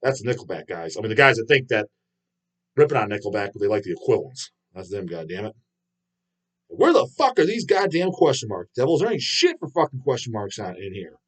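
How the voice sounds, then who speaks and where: A man's voice: on the low side, very animated, a little fast. A middle-aged man hosting a livestream, ranting in a swaggering, foul-mouthed, mocking way. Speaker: livestream host. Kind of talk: profane casual rant.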